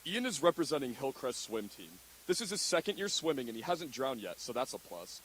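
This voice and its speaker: Man, school assembly announcer, deadpan jokey intros, faint hiss. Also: medium pitch, a little fast, low-quality recording. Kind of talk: reading joke introductions.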